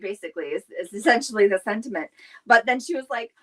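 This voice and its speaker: A woman's voice: a little high, animated, brisk, a bit bright, breathy edge. A middle-aged woman, chatting on a live stream, rambling with many fillers and restarts as she greets viewers. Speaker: direct seller hosting a weekly live stream.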